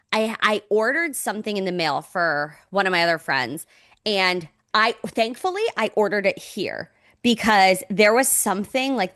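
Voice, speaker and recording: A pregnant woman co-hosting a podcast in casual chat, animated and quoting herself in lively voices. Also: mid-range voice, dry recording, clean studio sound. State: pregnant, recovering from sickness. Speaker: podcast co-host.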